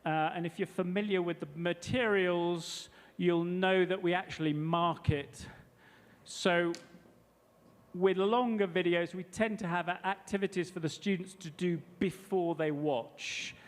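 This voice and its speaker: Man, high voice, teacher trainer, chatty workshop talk, long hall reverb. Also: fairly even intonation, unhurried. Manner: chatty, explanatory. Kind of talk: workshop presentation.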